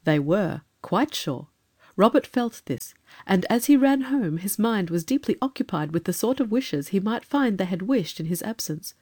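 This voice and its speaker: A woman reading a children's storybook in a calm, measured, expressive manner. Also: medium pitch. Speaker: narrator.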